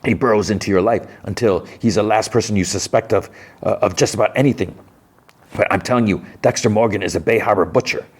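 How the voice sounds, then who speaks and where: A man's voice: on the low side, fast, husky, voice pushed up. A man doing a flustered, indignant ex-police captain. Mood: exasperated. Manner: flustered, sputtering, insistent. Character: indignant middle-aged male ex-police captain.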